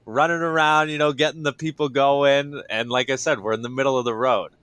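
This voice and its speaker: A man with a smooth, clear voice tells stories from his career in a casual interview. He is keen and animated, full of fillers and asides. The sound is close and dry. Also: mid-range voice, a little fast, no echo. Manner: energetic, enthusiastic storytelling with many fillers. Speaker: wrestler, interview guest.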